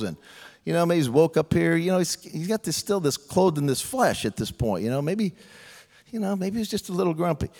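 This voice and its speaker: Male preacher, slightly high voice, casual and humorous sermon delivery, long hall reverb. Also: a little mellow. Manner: conversational, humorous, acts out quotes.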